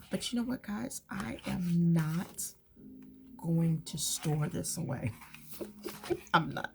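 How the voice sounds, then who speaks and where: A woman's voice: lowish voice, slow pace, gravelly, mellow, a little hiss or hum. A woman chatting casually while journaling, rambling and often dropping to a whisper. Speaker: craft channel host. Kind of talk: relaxed journaling chat.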